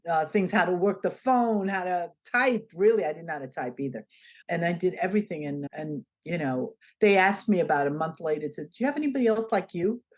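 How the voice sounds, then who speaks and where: A woman being interviewed, telling a story in a conversational way and acting out the dialogue as she goes. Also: on the low side. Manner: animated, acts out the dialogue in her stories. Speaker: interview guest.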